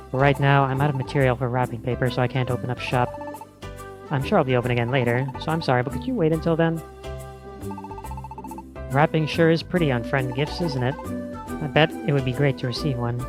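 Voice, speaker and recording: Man reading a polite shopkeeper, apologetic, mid pitch, game music. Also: steady tone, a little fast, lightly acted. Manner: apologetic, courteous.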